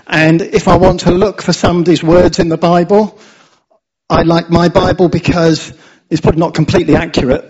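A man's voice: a little high, darkish tone, slightly rough, highs cut off. A man speaking to a church congregation in a chatty, informal, encouraging way, leading prayer and a sermon.

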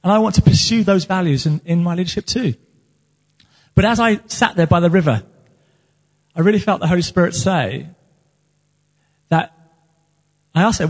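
A man preaching with earnest passion, his voice set high and edged with a husky breathiness. He delivers it as a pastor's sermon, in a church hall where every phrase carries a long, ringing reverb. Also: normal speed, pauses often.

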